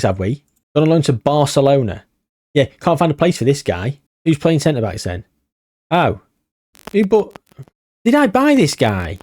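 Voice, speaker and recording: A man's voice: on the low side, a little mellow, dry recording, clean studio sound. A man commentating on a football management game, grumbling and exasperated with sarcastic asides. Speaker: gaming YouTuber.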